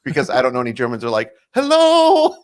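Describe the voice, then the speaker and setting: Male comedian co-host, wry and dry, mid pitch. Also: level tone, rapid-fire, a bit bright. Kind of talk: casual comedy chat.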